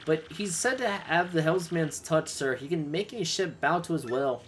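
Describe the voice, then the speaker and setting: A man voicing a gruff, loyal male bomb-creature sailor with rough, folksy speech. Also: on the high side, moderate pace, slight background noise, lightly acted.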